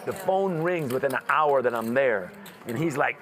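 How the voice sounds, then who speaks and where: A man's voice: on the high side, animated, a little fast, a bit bright. A man at a casino poker table telling a long story, acting out other people's voices and swearing freely. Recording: noisy casino crowd around the table.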